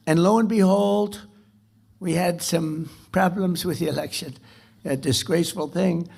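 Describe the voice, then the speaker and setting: Gravelly man rambling through a speech. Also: on the high side, measured pace, a little mellow. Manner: rambling, repetitive, boastful. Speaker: dinner speaker. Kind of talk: off-the-cuff political speech. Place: club dinner event.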